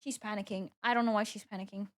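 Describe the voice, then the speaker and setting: A woman's voice: mid-range voice, steady tone, quick pace, slight background noise. A young woman streaming live, chatting casually as she works and playfully scolding her cat. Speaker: VTuber streamer. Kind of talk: casual livestream chat.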